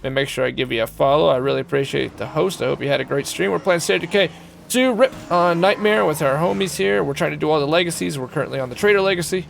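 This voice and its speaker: A man's voice: fairly high pitch, fast talker, vocal fry, a little hiss or hum. A man streaming a game live, chatting loosely with viewers, joking and swearing freely, thanking them by name. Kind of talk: casual live-stream chat.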